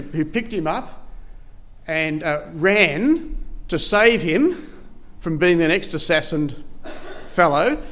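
A man delivering a sermon with a fairly high voice. He tells the story in a relaxed, conversational way, stumbling and restarting as he goes. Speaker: preacher.

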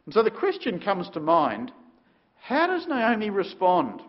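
Male preacher, high lively voice, dramatic sermon delivery, dull lo-fi recording. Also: unhurried. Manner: animated, dramatic storytelling with sudden loud and soft turns.

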